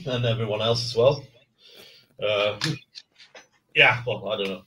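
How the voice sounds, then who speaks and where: A man hosts a relaxed livestream, rambling along and stumbling over his words with plenty of fillers. He sits a little back from the microphone, so his voice sounds slightly distant. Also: on the low side, measured pace, a little hiss or hum. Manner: rambling, hesitant, many fillers and restarts. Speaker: livestream host. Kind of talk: casual livestream chat.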